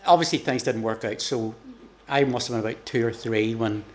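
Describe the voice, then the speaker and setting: A man's voice: medium pitch, brisk. Chatty man in his sixties. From Northern Ireland. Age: 60s. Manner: jokey, chatty storyteller. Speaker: interview guest. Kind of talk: conversational testimony interview. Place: gospel hall.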